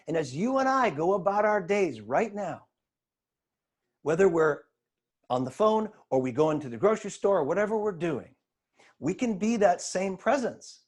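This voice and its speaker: A man giving a spiritual lesson over a video call, retelling scripture with dramatic, expressive emphasis. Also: sits high, moderate pace, husky. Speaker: spiritual teacher.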